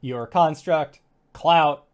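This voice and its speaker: A man narrating as game master of a tabletop game, with animated bursts of shouted character lines. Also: a little high, very slow.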